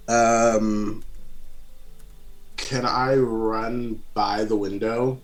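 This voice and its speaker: A man's voice: on the low side, normal speed, faint music behind, low-quality recording. A man playing a tabletop game, chatting casually. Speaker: player.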